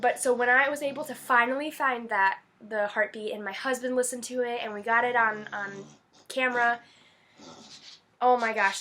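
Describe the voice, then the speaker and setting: Gushing and teary-eyed, a young woman in her twenties chats casually to camera, her slightly high voice pushed and bright. This vlogger is emotional and leans heavily on fillers, with slight background noise.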